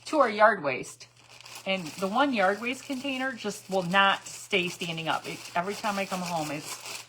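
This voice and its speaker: A woman's voice: medium pitch, normal speed, a bit bright, a little hiss or hum, poor audio. A middle-aged woman hosting a crafting live stream, telling rambling stories and laughing often as she greets viewers. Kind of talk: chatty storytelling while dyeing eggs.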